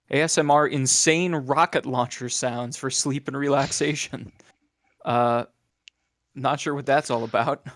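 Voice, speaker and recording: A man's voice: mid-range voice, no room sound. A man playing in a tabletop game stream, recapping the last session in an easygoing way with hesitant fillers. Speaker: player.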